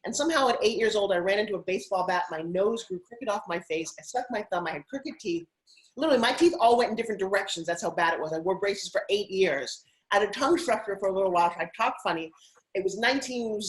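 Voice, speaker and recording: A woman's voice: mid-range voice, low-quality recording. A middle-aged woman from Long Island talks as a guest in an interview. She tells her story with lots of energy and a gushing, effusive manner. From Long Island, New York. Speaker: guest, TV host and fitness spokesperson. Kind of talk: interview conversation.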